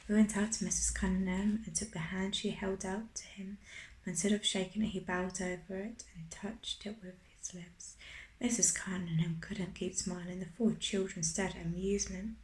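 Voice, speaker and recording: A woman reading a children's story aloud in soft-spoken ASMR style, mostly whispered and gentle. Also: mid-range voice, flat delivery, moderate pace. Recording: roomy echo.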